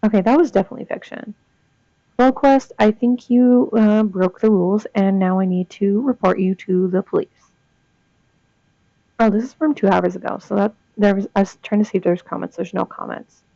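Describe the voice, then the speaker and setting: A woman's voice: medium pitch, fairly even intonation, a little fast, creaky, warm tone, no room sound. A young woman reading ghost stories aloud and chatting between them, reacting with gasps and comments. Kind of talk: casual reading with asides. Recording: dull lo-fi dry sound.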